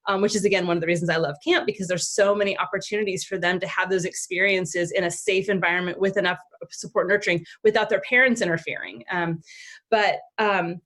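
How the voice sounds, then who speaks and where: A woman being interviewed as a parenting expert, talking casually and telling stories with lively acted-out bits of dialogue. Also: fairly low pitch, quick pace. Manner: animated storyteller who acts out quoted dialogue; frequent fillers and restarts.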